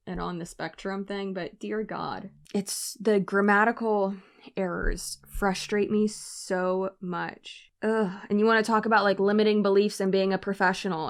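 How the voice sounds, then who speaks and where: A woman's voice: medium pitch, creaky, a bit bright. A young woman reading and mocking comments in a casual vlog, with a dry, sarcastic delivery.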